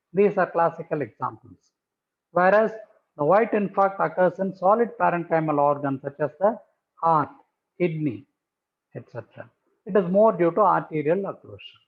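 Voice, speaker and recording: Man lecturing pathology, tinny phone-like sound. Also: high-pitched. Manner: methodical, repeats key terms for emphasis. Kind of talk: explanatory medical lecture over slides.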